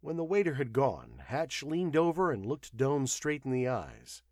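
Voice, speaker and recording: Man, audiobook narrator, expressive, very lively pitch, dry close sound. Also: unhurried, no echo. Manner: expressive, acts out voices.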